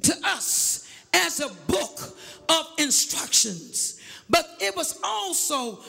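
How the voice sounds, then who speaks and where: A man preaching a sermon, calling for a witness, shouting and half-singing his lines in an echoey church. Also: extremely high pitch, sing-song, slow pace, vocal fry.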